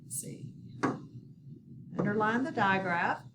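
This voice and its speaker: A woman teaching a phonics lesson in a recorded video, slow and patient, often checking in with her students. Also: mid-range voice. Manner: slow, patient, instructive with repeated prompts. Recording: distant mic with background noise.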